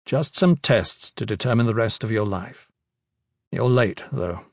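A man voicing a steady, wry adult male leader in an audiobook, speaking calmly and firmly. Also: on the low side, unhurried, no echo, clean studio sound. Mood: brisk. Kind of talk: audiobook character voice.

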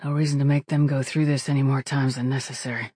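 A narrator doing a rough, shivering sick captain. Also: male voice, medium pitch, flat delivery, fast talker, a little mellow, no room sound, studio quality, natural voice. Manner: rough, gritted teeth. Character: ailing ship captain, rough, grimly humorous. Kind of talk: audiobook character voice.

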